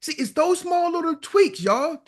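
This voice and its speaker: A man's voice: very high voice, animated, unhurried. A man leading a motivational sales coaching call, talking emphatically, repeating himself and acting out what customers say.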